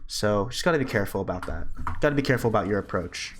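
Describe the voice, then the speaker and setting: A young man coaching and reviewing gameplay in casual live-stream commentary, blunt and profane, often breaking into high laughter. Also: expressive, rapid-fire, slight background noise.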